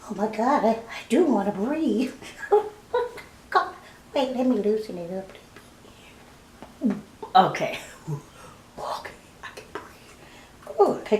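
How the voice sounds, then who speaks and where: A woman's voice: medium pitch, a little mellow, echoey room, slight background noise. A woman in her fifties chatting casually to her viewers, laughing often and calling them y'all. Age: 50s. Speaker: vlogger. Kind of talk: casual chat to camera.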